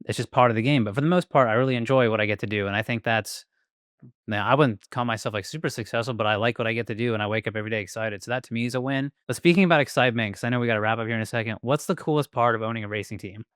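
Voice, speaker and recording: Fast-talking, laid-back podcast host. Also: male voice, medium pitch, fairly bright tone, smooth, dry recording, studio quality. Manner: laid-back, frequent "like" fillers. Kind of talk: casual interview chat.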